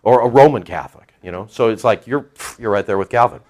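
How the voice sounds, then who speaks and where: A middle-aged male pastor preaching a folksy, animated sermon, joking with his congregation and acting out voices. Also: fairly low pitch, fast talker.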